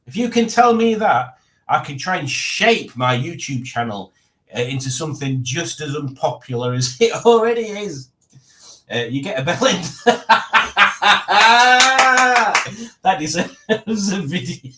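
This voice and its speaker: A man's voice: fairly high pitch, very animated, normal speed. A man hosting a live stream, chatting casually, rambling and joking as he reads out viewer comments. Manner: rambling, jokey, reads chat aloud.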